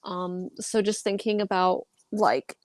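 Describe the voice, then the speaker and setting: A woman's voice: mid-range voice, fairly even intonation, slow, no echo. A young adult woman, a guest YouTuber, chatting earnestly and thinking aloud with frequent ums. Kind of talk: casual chat.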